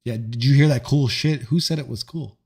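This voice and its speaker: A man hosting a live stream, chatting casually with viewers in a joking, profane and animated way. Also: mid-range voice, normal speed, creaky, husky. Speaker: livestream host reading chat.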